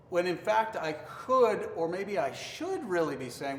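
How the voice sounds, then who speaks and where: A man's voice: a little high, sing-song, normal speed, hardly any pauses. Earnest man teaching in an echoey hall. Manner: earnest, acts out accusing tones. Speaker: pastor. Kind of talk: marriage devotional teaching. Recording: roomy reverberant hall, faint noise.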